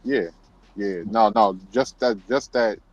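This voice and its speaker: A man's voice: on the low side, takes it slowly, no room sound, lo-fi sound. A man calling in to a casual online talk stream and answering in a laid-back, hesitant way. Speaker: caller. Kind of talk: casual chat.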